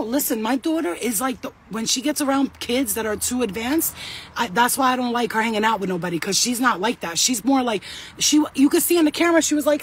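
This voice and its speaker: A woman's voice: on the high side, fairly quick, husky. A woman in her thirties, sweaty and shaken, giving an urgent, blunt and profane talk to camera as a vlogger.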